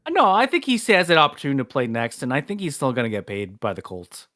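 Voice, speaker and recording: A man co-hosting a sports podcast, talking in an animated, opinionated way and reading segment intros. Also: medium pitch, fast, no echo, studio quality. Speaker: podcast co-host. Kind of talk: casual sports chat and read-out segment intro.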